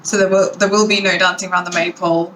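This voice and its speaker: A woman's voice: fairly low pitch, level tone, fast, fairly bright tone, low-quality recording. A woman from Britain hosting her own show, chatting on her own in a rambling, wry way with lots of fillers. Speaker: podcast host. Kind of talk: casual solo chat.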